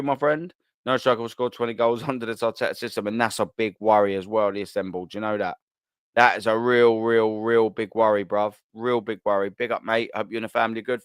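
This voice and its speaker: A man's voice: mid-range voice, no echo, studio quality. Slangy man hosting a live stream. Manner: slangy and repetitive, swears, loops back on phrases. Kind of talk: casual live-stream chat.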